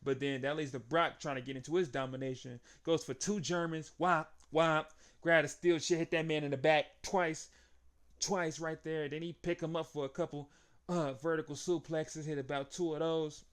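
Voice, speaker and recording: A young man with a slightly high voice recaps a wrestling match in casual, excitable talk. He laughs often and acts out the wrestlers' lines as he goes. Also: moderate pace, clear, resonant tone. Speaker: wrestling show reviewer.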